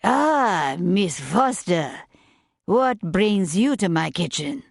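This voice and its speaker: A woman voicing a forceful, exacting male chef with a French accent, slow and brisk in turn. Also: lowish voice, sing-song, creaky, no room sound, studio quality, full character voice. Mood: brisk, curious. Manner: brisk, commanding.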